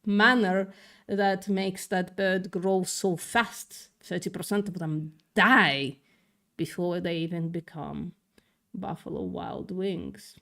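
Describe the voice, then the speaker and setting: Lowish and steady with vocal fry, this woman's voice has a fairly bright tone and a slow pace. Hosting a livestream, she reads the news with sarcastic, profane commentary, stumbles over words, and speaks in a mixed, partly British-tinged accent.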